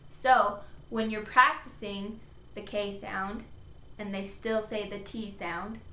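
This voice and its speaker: A woman's voice: medium pitch, steady tone, takes it slowly, bright, forceful tone. A woman giving upbeat, encouraging speech therapy tips to parents and demonstrating sounds. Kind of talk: instructional talk to parents. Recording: echoey room, faint background noise.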